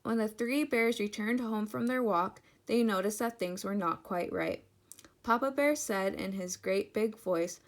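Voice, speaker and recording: A woman teacher leads an interactive children's read-aloud, speaking directly and warmly to the kids at a moderate pace and medium pitch.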